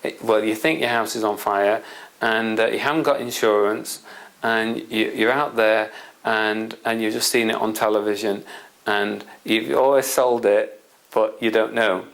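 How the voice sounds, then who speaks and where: Gravelly-voiced man telling a story. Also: lowish voice, fairly even intonation, a little slow, a bit bright, rough recording. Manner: rambling, anecdotal, many asides to the listener. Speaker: presenter. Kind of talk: explanatory storytelling talk.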